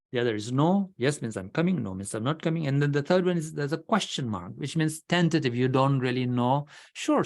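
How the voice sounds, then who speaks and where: A man leading an orientation at an online club meeting, talking in a blunt, direct way with frequent restarts. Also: medium pitch. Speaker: club leader giving member orientation.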